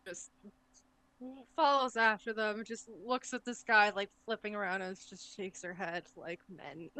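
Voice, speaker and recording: A woman's voice: mid-range voice, measured pace, bright, forceful tone, clean tone, no echo. Woman player, wry and understated, medium voice. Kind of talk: tabletop play.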